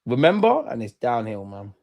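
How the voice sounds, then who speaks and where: A man's voice: mid-range voice, huge pitch swings, normal speed, creaky, muffled recording. A man hosting a live football watch-along stream, chatting loosely and bantering with his viewers in slangy speech.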